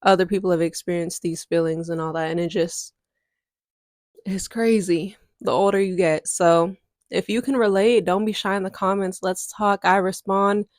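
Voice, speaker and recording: A woman's voice: fairly low pitch, fairly even intonation, moderate pace, dry recording, clean studio sound. A woman, chatting candidly to her viewers in a casual storytime vlog. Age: 20s. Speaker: content creator.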